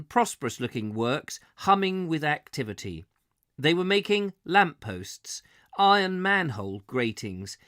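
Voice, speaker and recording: A man's voice: on the high side, fairly bright tone, no room sound, clean studio sound. Man reading an old travel book live. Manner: chatty asides, self-correcting.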